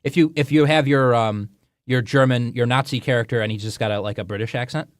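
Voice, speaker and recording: A man co-hosting a live talk show in casual chat, relaxed and reflective, trailing off softly. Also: mid-range voice, quick pace.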